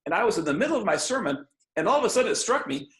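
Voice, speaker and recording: A man's voice: high voice, very fast. Earnest storytelling man from Michigan. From Michigan, USA. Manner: earnest storyteller, animated quotes. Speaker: author and missionary preacher. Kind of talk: casual interview over a call. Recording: echoey room.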